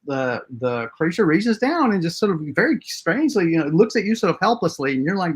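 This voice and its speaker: A man's voice: high voice, very animated, a little fast, husky. A man narrating a tabletop game as game master, hesitant and full of filler words.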